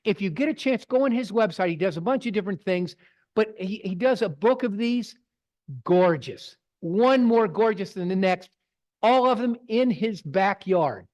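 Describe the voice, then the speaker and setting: A man's voice: high voice, lively intonation, normal speed, darkish tone. A middle-aged man, presenting to a photography club in a folksy, digressing storytelling way. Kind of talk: casual talk with slides. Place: club meeting room.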